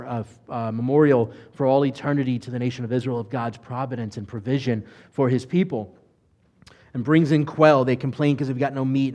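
A man, a rabbi, preaching a conversational sermon full of rhetorical questions and animated retellings. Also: medium pitch.

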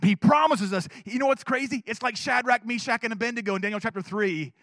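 A male pastor delivers an animated sermon that shifts between loud urging and quiet asides. His voice is unusually high and bright. The sound is dry and close. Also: fast, no echo. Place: church.

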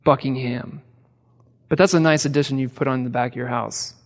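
A man's voice: mid-range voice, steady tone, fairly quick. Man preaching in a reverberant hall. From American Midwest. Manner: conversational preaching with rhetorical questions and humor. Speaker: pastor. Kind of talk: sermon.

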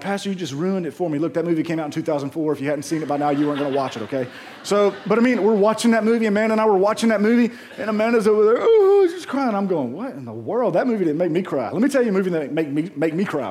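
A high-voiced man preaching a sermon. He talks to the congregation like friends, jokes a lot and keeps asking the room questions. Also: a little mellow. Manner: conversational and joking, calls out to the congregation. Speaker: pastor. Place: church auditorium.

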